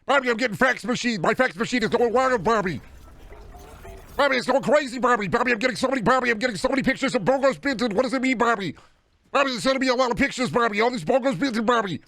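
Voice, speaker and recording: A man playing a frantic character who yells about strange burgers and repeats one name over and over. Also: very high voice, quick pace, creaky, no echo, voice pushed up, heavily acted. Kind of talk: improvised comedy bit.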